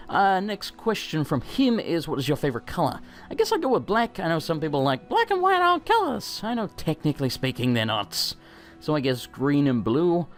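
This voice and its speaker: A young man hosting a viewer Q&A, reading out questions and rambling through loose, profane, self-mocking answers. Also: a little high. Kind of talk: casual Q&A with gameplay in background.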